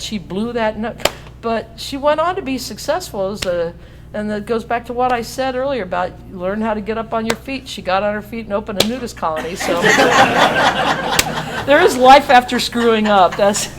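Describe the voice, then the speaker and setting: A woman's voice: medium pitch, background noise. A woman in her sixties, a radio host, telling a folksy, self-mocking story to a school audience, singing bits and laughing at her own jokes. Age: 60s. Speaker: radio host speaking to students. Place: school auditorium.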